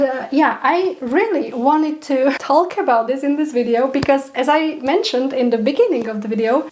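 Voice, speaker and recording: A young woman telling a pet spider story in a chatty, animated vlog, with frequent laughs and fillers. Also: high voice. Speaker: pet spider keeper vlogger.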